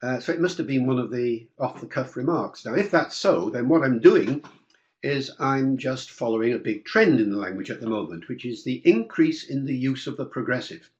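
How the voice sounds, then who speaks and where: A man's voice: mid-range voice, expressive, normal speed, a little mellow. An older man answering listener questions in a webinar, in a discursive, explanatory way. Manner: discursive, explanatory, with fillers and asides. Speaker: guest linguist answering questions. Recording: dull lo-fi webinar audio.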